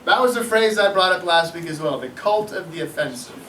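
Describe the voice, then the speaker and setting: A middle-aged male teacher lectures with animated energy and keeps quizzing his students. His voice sits high and sounds bright. He is caught from a distance in a room with a lot of echo. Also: brisk, a little hiss or hum. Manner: animated, asks the class questions. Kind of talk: classroom history lecture. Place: classroom. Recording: echoey classroom from far off.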